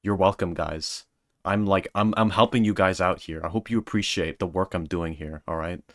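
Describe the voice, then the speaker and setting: Male streamer, deep voice, joking and self-mocking, dry close sound. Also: normal speed, no room sound. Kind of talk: casual chat, reading viewer comments.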